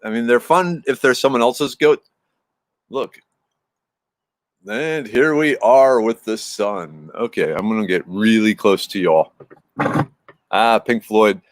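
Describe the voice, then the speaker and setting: Low-voiced fifties man, dry close sound, easygoing stream host who chats and wanders off topic. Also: slow, pauses often, no room sound. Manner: chatty, meandering, answers chat messages as they come in. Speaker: livestream host chatting with viewers. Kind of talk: casual rambling chat.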